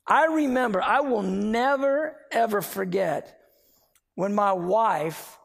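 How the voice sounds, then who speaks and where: A man preaching a sermon, emphatic and animated as he tells a personal story. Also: very high-pitched, vocal fry. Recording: long hall reverb.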